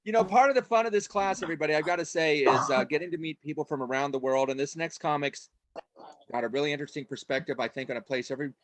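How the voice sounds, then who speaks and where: A man's voice: a little high, fast, a bit bright, no echo. Upbeat man emceeing a comedy showcase. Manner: upbeat, introduces acts. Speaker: comedy class teacher and showcase host.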